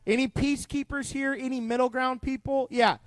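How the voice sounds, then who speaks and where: Animated youth pastor with a high voice. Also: male voice, a little fast, clean tone, dry recording. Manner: animated, conversational, acts out characters, asks the group questions. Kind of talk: youth group Bible teaching.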